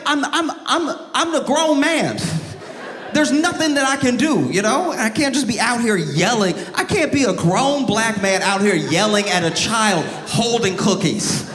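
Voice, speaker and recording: A male stand-up comedian telling calm, wry stories that climb into exasperation. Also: extremely high pitch, a little slow, slight background noise. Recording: reverberant performance hall.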